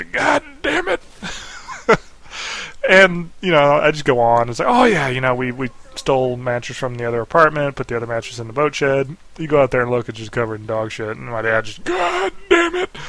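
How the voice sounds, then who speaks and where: A young man with a voice of ordinary pitch tells a rambling family story over game footage. He laughs often, slips into quick impressions of his relatives, and keeps a loose, chatty flow. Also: a bit bright. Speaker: gaming video host. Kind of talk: casual storytelling over gameplay.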